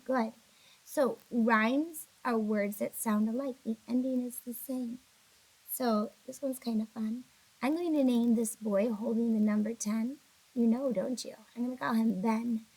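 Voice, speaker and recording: A woman teacher records a video lesson for young children, speaking to them directly in a patient, encouraging way while sounding a little sleepy and yawning. Her voice is on the high side and a little mellow, and the recording is rough.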